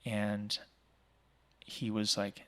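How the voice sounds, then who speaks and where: A man in his thirties, from Oregon, telling stories as a guest in a casual interview, talkative and energetic, with many fillers like "like" and "um". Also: on the low side, very slow. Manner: energetic, talkative, acts out quoted voices; frequent fillers like "like" and "um". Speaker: podcast guest, small business owner.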